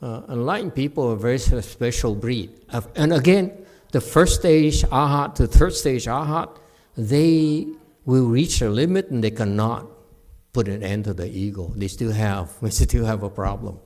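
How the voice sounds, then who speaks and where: A middle-aged man giving a dharma talk with questions and answers, animated, laughing and acting out quoted voices. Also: mid-range voice, normal speed. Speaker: meditation teacher.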